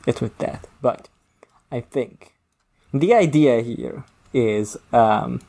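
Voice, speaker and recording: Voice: mid-range voice, lively intonation, slow pace, creaky, mellow. A podcast co-host thinking aloud about a book, often restarting and self-correcting mid-sentence. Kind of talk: casual book discussion.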